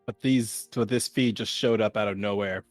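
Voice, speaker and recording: A man's voice: lowish voice, steady tone, normal speed, no echo. Male tabletop player, hesitant and rambling, dry mic with faint music behind. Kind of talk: casual role-play talk in character.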